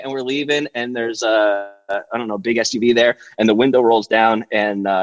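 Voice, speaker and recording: Middle-aged guy telling stories on a podcast, chatty and animated, mid pitch, dry close sound. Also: a little fast, hardly any pauses, no room sound, dull audio. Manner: animated storyteller, acts out quotes in high voices. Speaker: podcast guest. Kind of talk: casual storytelling chat.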